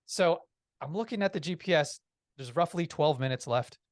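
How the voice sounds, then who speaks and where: A man telling a personal story as a podcast guest, in a lively way, with frequent restarts. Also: a little high, normal speed, no room sound, clean studio sound. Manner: lively, acts out quoted voices, restarts often.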